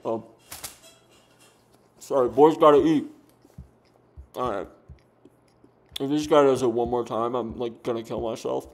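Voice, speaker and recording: A man's voice: mid-range voice, fairly even intonation, unhurried, long pauses. A young man commentating his own game, frustrated, rambling and swearing with lots of fillers. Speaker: gaming streamer. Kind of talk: casual commentary while playing.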